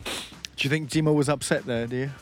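A man's voice: medium pitch, steady tone, a little fast. A man co-hosting a radio show in a studio, teasing his partner with laughs and mock-stern corrections. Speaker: radio co-host. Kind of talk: casual radio banter.

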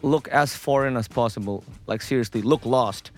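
A young man, talking on a casual radio show. His humor is dry and sarcastic, delivered at a middling pitch. Faint music plays underneath. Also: moderate pace, a little mellow. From Russia. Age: 20s. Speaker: radio co-host.

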